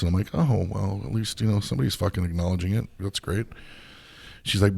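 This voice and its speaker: A man's voice: sits low, moderate pace, gravelly, pauses often, a bit bright, slightly rough. A man hosting a podcast, telling a long story in a heated, profane rant that rambles and restarts often. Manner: profane, heated, swears constantly. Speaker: podcast host.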